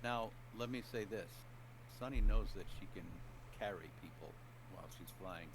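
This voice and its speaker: A man narrating a tabletop roleplaying game as game master, calm and matter-of-fact. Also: lowish voice, moderate pace, noisy background.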